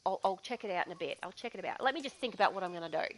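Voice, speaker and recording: A woman's voice: lowish voice, expressive, very fast, a little hiss or hum, pitched below the performer's own voice, lightly acted. A woman with an Australian accent voicing a hesitant station co-owner who mutters and stalls. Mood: dithering.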